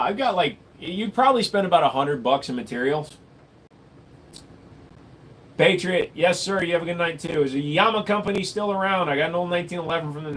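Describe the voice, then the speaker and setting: A man's voice: on the high side, a bit bright, a little hiss or hum. Crude joking man on a stream. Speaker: streamer answering chat. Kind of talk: casual live stream chat. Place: home room with gun wall.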